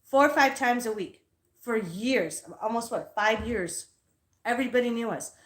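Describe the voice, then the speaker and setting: A woman's voice: a little high, normal speed, a bit bright. A woman hosting a casual livestream as a psychic reader, telling stories in a heated, profane way and sounding tired. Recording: echoey room.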